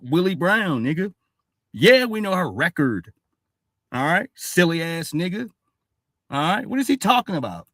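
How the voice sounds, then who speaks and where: Man, lively animated pitch, dry close sound, casual reaction host, blunt and profane. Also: no echo. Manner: blunt, profane, keeps saying "all right". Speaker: streamer reacting to a clip.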